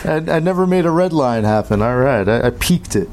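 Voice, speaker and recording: A man's voice: mid-range voice, expressive, a little fast, darkish tone, poor audio. A man with an ordinary mid-range voice talks through a book in loose, friendly chat. He laughs easily and trips over his own restarts. A faint hiss of noise sits under the recording. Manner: laughs often, stammers on restarts. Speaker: podcast co-host. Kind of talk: casual book-club chat.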